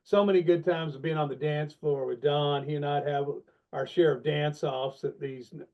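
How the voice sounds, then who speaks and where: Middle-aged guy telling funny self-deprecating stories, kinda high voice, muffled lo-fi sound. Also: moderate pace. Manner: self-deprecating, animated storyteller. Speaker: guest, longtime sales leader. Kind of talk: casual podcast interview. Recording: dull, lo-fi sound.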